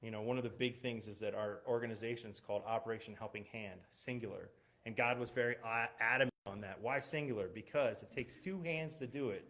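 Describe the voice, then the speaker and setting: A man's voice: mid-range voice, brisk, fairly bright tone. A man, a missionary pastor, speaking as a guest in a church, telling personal stories in a conversational way with fillers and restarts. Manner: conversational, many fillers and restarts, laughs at himself. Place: church, streamed online. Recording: unstable internet stream with glitches.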